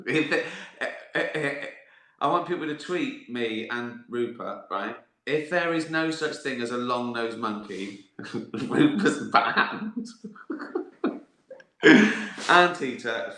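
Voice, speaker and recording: On a live stream recorded in an indoor room with roomy echo, a man with a mid-range, bright, forceful voice takes viewer questions at an unhurried pace. His answers form a laughing, sweary comic monologue that riffs on absurd ideas.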